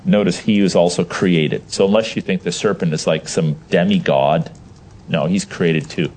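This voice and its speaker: A man with a low voice teaches a Bible class at a moderate pace. He explains verses emphatically and puts questions to his listeners, staying animated throughout.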